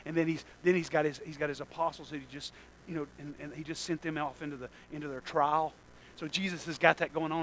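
Pastor, man, high and bright, animated, shouting one moment and murmuring the next. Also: gravelly, a little hiss or hum, rough recording. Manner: animated, joking asides, swings from loud exclamations to low asides. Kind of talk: sermon.

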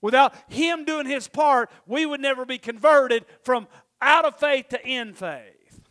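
A man preaching a sermon in church, emphatic, swinging from loud exclamations to quiet murmurs. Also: very high voice, unhurried. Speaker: pastor.

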